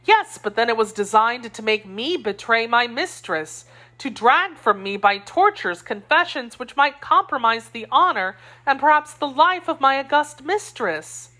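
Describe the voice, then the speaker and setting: Woman reader doing a fierce young wife, scornful and passionate, pitch leaping all over. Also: lively intonation, measured pace, bright, forceful tone. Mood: indignant. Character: spirited young woman, loyal to her queen.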